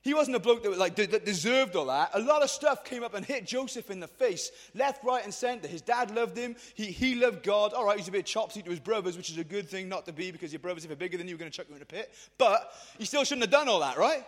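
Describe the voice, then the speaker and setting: Fast, high-voiced young man preaching. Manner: energetic and slangy, acting out quoted voices. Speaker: youth speaker. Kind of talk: casual retelling of a Bible story to a group. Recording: reverberant hall.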